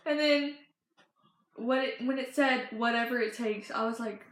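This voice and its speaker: A teenage girl vlogging about movies she loves, telling stories in a gushing, excited way with lots of fillers and restarts. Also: on the high side, moderate pace, roomy sound, low-quality recording. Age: teens. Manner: gushing, breathless storytelling with many fillers and restarts. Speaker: fan vlogger. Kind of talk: excited casual chat.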